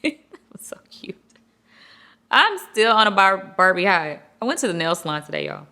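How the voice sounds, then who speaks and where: A woman hosting a casual chat show, talking in an animated, chatty and playful way. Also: mid-range voice, moderate pace. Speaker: host.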